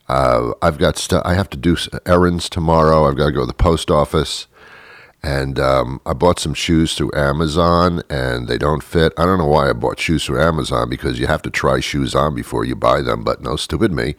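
A man's voice: rumbling low, normal speed, no room sound. A man hosting a comedy show, rambling through a dry, self-interrupting monologue. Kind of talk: deadpan comic monologue.

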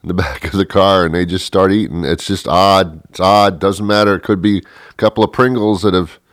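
A man hosting a comic monologue, deadpan and rambling, with many fillers. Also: low voice, moderate pace, no room sound. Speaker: host. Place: Boston area.

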